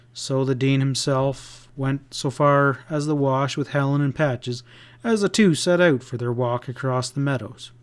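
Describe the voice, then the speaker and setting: A man narrating a classic western audiobook in a measured, steady reading. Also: medium pitch.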